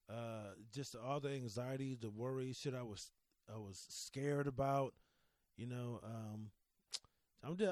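Into a studio microphone, a podcast host in his thirties rambles candidly and emotionally about his son on his casual solo show, restarting often and cursing now and again. The recording is dry, and his voice is medium in pitch with a darkish tone.

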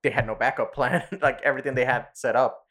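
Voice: mid-range voice, steady tone, fast talker, a bit bright. A podcast co-host in casual chat, rambling through retellings of cartoon episodes with swearing and laughter.

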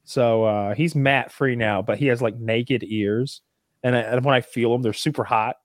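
A man's voice: medium pitch, steady tone, normal speed, dry recording. Guy rambling in a casual podcast chat, swears a lot, restarts a ton, dry close sound. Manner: rambling, profane, many restarts.

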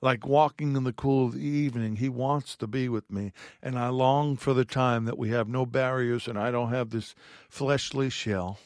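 A man teaches from the Bible in an earnest, heartfelt way, reading scripture aloud between his own thoughts. His voice sits at an ordinary middle pitch. The recording is close and dry, with no room sound. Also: fairly even intonation, normal speed, dry recording.

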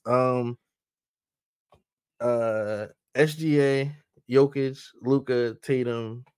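A man on a casual sports podcast, talking in a relaxed, hesitant way with many fillers. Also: mid-range voice, clean tone, no room sound, studio quality.

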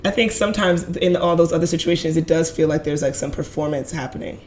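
A woman from Brooklyn talking quickly in a casual chat as podcast co-host, often laughing. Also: low-pitched, a little mellow, slight background noise.

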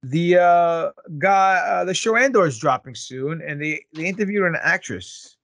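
A man's voice: on the high side, lively intonation, normal speed, creaky, a bit bright, dry recording. A man co-hosting a casual podcast, rambling and joking with plenty of fillers. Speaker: podcast co-host.

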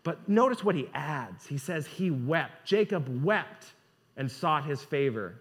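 A man's voice: fairly high pitch, sing-song, measured pace, fairly bright tone. A man preaching a sermon, asking rhetorical questions and reading scripture aloud.

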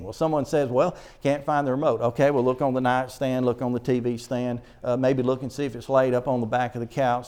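A middle-aged man preaches a sermon in church, his mid-range voice slightly mellow. He reads scripture slowly and drives his points home with earnest emphasis.

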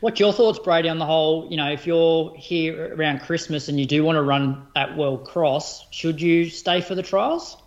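A man's voice: on the high side, moderate pace, few pauses, highs cut off. A man co-hosting a podcast, giving his opinions in casual chat with plenty of fillers. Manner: opinionated, chatty, many fillers. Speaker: podcast co-host. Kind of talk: casual chat about running.

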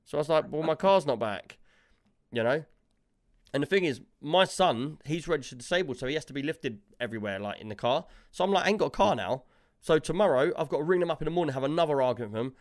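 A man's voice: a little high, quick pace. A man telling a long story in casual chat, quoting the people he argued with. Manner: animated storytelling, quotes others in dialogue.

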